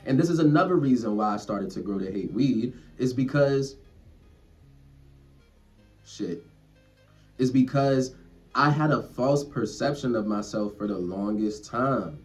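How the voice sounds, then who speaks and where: A man's voice: mid-range voice, measured pace, pauses often. A young man ranting casually and earnestly to camera, rambling and swearing as he reflects on himself. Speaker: vlogger. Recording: distant mic, faint music behind.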